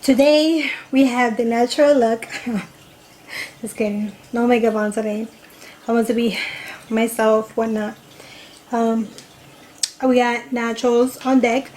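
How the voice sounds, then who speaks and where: A young woman talks casually to her camera with a slightly high voice. She rambles and fills her pauses with ums, and faint background noise runs under her chat. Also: flat delivery, darkish tone, rough recording. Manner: rambling, filler-heavy chatter. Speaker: vlogger. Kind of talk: casual storytime and mukbang chat.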